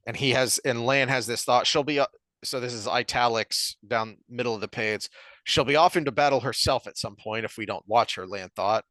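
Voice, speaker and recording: A man's voice: medium pitch, fairly bright tone, no echo. A man co-hosting a podcast, casually discussing a book and reading passages aloud with lots of restarts. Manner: halting, reads passages aloud, many restarts. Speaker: podcast co-host.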